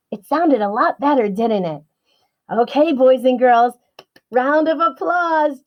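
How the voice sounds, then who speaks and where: A woman teaching a writing lesson to young children, slow and sing-song, stretching her words out and encouraging them. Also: high voice, highs cut off.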